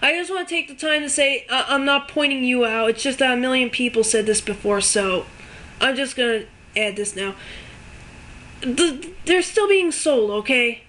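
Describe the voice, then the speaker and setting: A woman with a high, bright voice rants at the camera in an unscripted video. She talks with exasperated emphasis and keeps pressing her points home with little check-ins for agreement. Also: normal speed. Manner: exasperated and emphatic, tagging points with "okay?" and "all right?". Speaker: video ranter.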